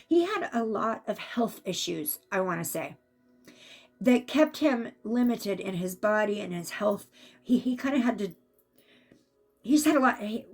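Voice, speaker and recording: On the high side in pitch, a woman offers a relaxed spiritual reading as an intuitive reader. Her talk is chatty, turning animated as she performs the spirits' words.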